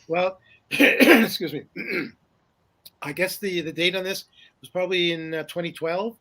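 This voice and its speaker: A man's voice: high-pitched, takes it slowly, gravelly, pushed and bright. An older man who is a guest in a casual interview, telling rambling stories full of fillers and restarts and chuckling often. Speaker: guest, paranormal journalist.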